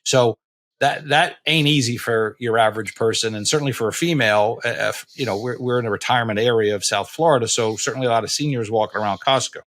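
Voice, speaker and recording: A man in his late fifties hosting a podcast, telling stories in a rambling, animated way with many restarts and blunt, salty language. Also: medium pitch, fast talker. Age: late 50s. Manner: blunt, a bit profane. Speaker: podcast host. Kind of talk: casual interview chat.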